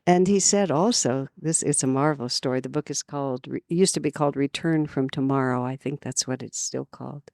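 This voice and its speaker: A woman from California giving an earnest spiritual talk at a retreat, telling stories with lively emphasis. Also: rumbling low, fairly quick, gravelly, few pauses, dry recording, clean studio sound. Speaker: spiritual teacher. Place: retreat gathering.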